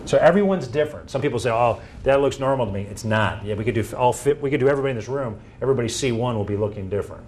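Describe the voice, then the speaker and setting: A man giving a presentation to an audience, telling stories and acting out quoted dialogue in an animated way. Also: mid-range voice, rapid-fire, few pauses.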